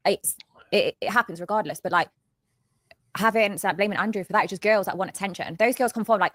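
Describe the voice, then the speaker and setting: A woman's voice: medium pitch, quick pace, dry recording. A woman speaking bluntly and brashly as an interview guest, self-assured and candid.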